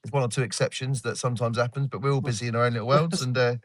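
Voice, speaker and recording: A man's voice: mid-range voice, steady tone, very fast. A man co-hosting a casual podcast, jokey and teasing, calling his friends mate. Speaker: podcast co-host. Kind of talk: casual banter among friends.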